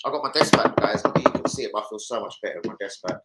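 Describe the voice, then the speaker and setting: A man hosting a casual football livestream, rambling, swearing and giving shout-outs to viewers. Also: lowish voice, animated, racing, very noisy. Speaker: football channel host.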